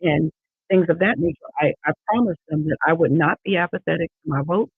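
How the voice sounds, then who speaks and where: A woman in her fifties speaks earnestly in an interview, her husky, gravelly voice leaning on repeated phrases for emphasis. The sound is tinny and phone-like. It is also dry, with no room around it. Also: sits low, brisk, no room sound. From Erie, Pennsylvania. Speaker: judicial candidate guest. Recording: tinny dry online call audio.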